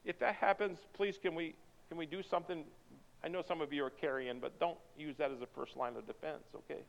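Brief: male pastor, high, bright and clear voice, emphatic preaching style, dull recording with a long hall echo. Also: fairly even intonation, a little fast. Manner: rhetorical repeated questions, emphatic. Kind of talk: sermon. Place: church sanctuary.

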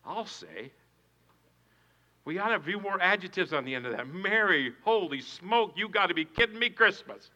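A male pastor preaching a sermon with passion, swinging from hushed to shouting and repeating his phrases. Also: high-pitched, animated, normal speed, dull audio.

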